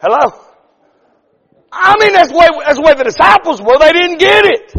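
A middle-aged male pastor preaching a sermon, building to shouted, drawn-out lines. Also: extremely high pitch, expressive, in a large hall. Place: church sanctuary.

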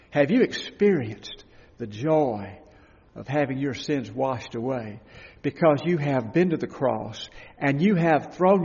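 A man preaching a sermon with passion, rising to loud cries and falling to hushed tones. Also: a little high, husky. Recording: dull, lo-fi recording with long hall reverb.

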